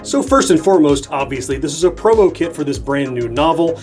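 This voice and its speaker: A man's voice: fairly high pitch, expressive, a little fast. A man in his forties hosting a nostalgia channel, chatting enthusiastically while unboxing and thinking aloud. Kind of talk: casual unboxing narration. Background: soft background music.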